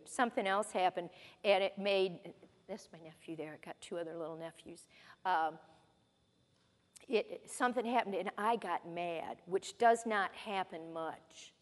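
A woman giving a folksy, conversational Bible teaching in a church hall, mixing scripture readings with personal stories. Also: mid-range voice. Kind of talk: sermon-style Bible teaching.

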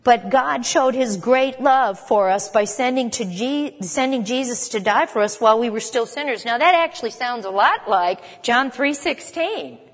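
A woman's voice: on the high side, lively intonation, normal speed, few pauses. Woman preaching in a reverberant hall. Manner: conversational, emphatic, asks the listeners questions. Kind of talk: sermon. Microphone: camera.

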